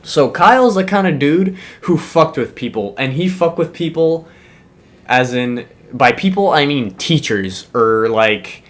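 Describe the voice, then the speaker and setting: A man's voice: a little high, measured pace. A young man casually telling a funny school story, swearing often and laughing as he goes. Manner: animated, profane, laughs while telling.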